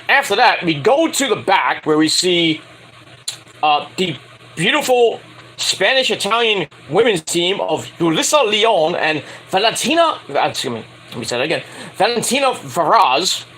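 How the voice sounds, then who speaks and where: Foul-mouthed guy ranting about wrestling, high bright voice, swings up and down a lot. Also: a little hiss or hum, low-quality recording. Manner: blunt, crude and opinionated, swears freely. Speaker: wrestling show reviewer. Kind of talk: casual review monologue.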